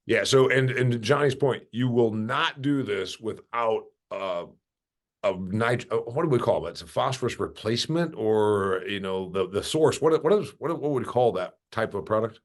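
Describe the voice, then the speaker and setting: A man hosting a farming podcast interview, talking in an animated, restless way that often restarts mid-sentence. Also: lowish voice, moderate pace. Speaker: podcast host. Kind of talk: casual interview.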